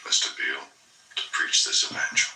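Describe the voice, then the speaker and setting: A cold, commanding corporate magnate. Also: male voice, brisk, roomy sound, recorded from a distance, rough recording. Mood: intense sermonizing. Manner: intense, preaching, swings from hushed whisper to booming. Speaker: actor in a film scene.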